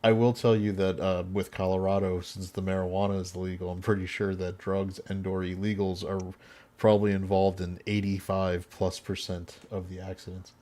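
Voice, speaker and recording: A man's voice: sits low, level tone, normal speed, dark tone. A man hosting a podcast in casual chat, blunt and opinionated, often laughing. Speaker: podcast host.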